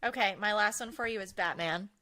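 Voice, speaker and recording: A woman's voice: medium pitch, brisk, pushed and bright. A young woman co-hosting a podcast, chatting in a bubbly, friendly way. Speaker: podcast co-host. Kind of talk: casual chat.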